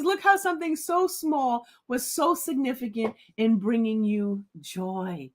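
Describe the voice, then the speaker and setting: A woman's voice: high voice, expressive, measured pace, few pauses. A woman hosting a live book club chat, giddy and tearful with joy, laughing and reading viewer comments aloud. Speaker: livestream book club host.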